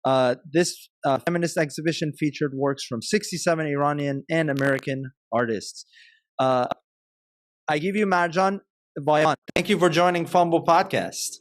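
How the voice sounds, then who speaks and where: A man hosting a podcast, introducing his guest and asking questions in a halting way, with many pauses and fillers. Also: fairly high pitch, no echo. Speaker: podcast host. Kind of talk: interview hosting.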